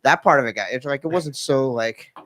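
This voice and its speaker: A man's voice: mid-range voice, lively intonation, brisk, a bit bright, a little hiss or hum. A man co-hosting a radio show, retelling stories and cracking crude jokes. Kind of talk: casual radio banter. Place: radio studio.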